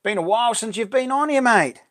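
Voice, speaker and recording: A middle-aged man with a New Zealand accent hosts a casual live stream, reading out viewers' names and greeting them warmly in a chatty way. His voice is extremely high-pitched, with lively intonation and a fairly quick pace.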